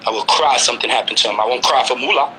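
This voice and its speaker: A man's voice: mid-range voice, rapid-fire, bright, forceful tone, a little hiss or hum, rough recording. A man from Brooklyn, New York, in his forties, talking heatedly in casual conversation and insisting on his point with repeated questions. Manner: insistent, repeats himself, presses the listener with questions. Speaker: guest.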